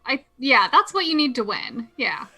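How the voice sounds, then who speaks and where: A woman's voice: high voice, sing-song, normal speed, creaky, pushed and bright, soft background music. A woman bantering with a friend during a game, teasing and ribbing him. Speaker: co-host friend. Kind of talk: casual banter over gameplay.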